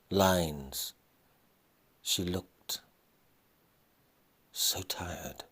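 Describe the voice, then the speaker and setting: A man reading his own dramatic story aloud, with deliberate narration. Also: sits low, a bit bright, slightly rough.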